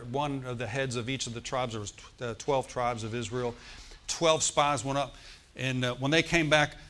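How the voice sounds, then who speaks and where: Conversational male preacher, mid-pitched. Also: fairly bright tone. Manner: conversational preaching with frequent "amen" checks; chuckles and rises in volume for emphasis. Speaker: pastor. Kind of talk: sermon. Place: church service.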